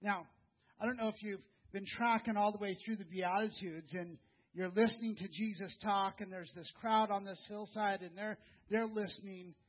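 A man preaching a sermon in a conversational, earnest way, repeating words and dropping soft and low for emphasis. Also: fairly even intonation, normal speed, slightly rough, dull audio. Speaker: pastor.

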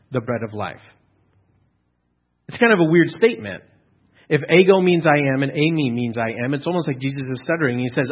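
Husky-voiced man preaching a sermon. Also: mid-range voice, moderate pace, highs cut off. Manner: earnest, teaching, with frequent restarts and fillers. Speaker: pastor.

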